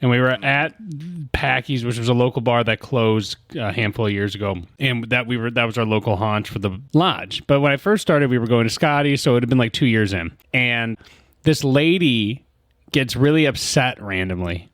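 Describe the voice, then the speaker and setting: A man's voice: medium pitch, moderate pace, no echo. Storytelling man, dry close sound. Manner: lively anecdote-teller who acts out the people in his story. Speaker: podcaster. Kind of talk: casual storytelling.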